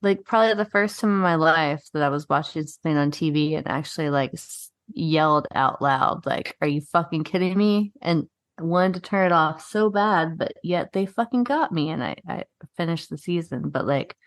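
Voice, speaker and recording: A woman with a notably low voice co-hosts a casual podcast, recapping a show in an animated, profane way. Her speech is full of "like", and the sound is dry and close with no room echo. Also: moderate pace, hardly any pauses. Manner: profane, animated storytelling, frequent "like". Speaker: podcast co-host. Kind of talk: casual chat.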